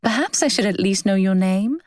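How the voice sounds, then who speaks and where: A woman narrator voicing a spirited, quick-witted young woman with lively, arch retorts. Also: mid-range voice, lightly acted.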